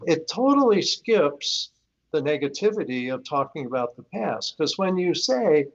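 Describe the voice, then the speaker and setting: A calm older man answers questions on a live stream, explaining step by step and leaning on stories from his cases. His voice sits a little high for a man. The stream audio is dull and lo-fi. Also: a little slow. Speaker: guest expert on high-conflict divorce.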